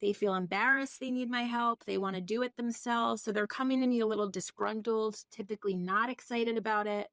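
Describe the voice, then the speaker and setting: A woman's voice: a little high, fairly quick, hardly any pauses, a bit bright, dry recording, studio quality. A woman, talking as a podcast guest in a thoughtful, reflective way and laughing easily. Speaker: recruiting firm founder, podcast guest. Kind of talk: casual podcast conversation.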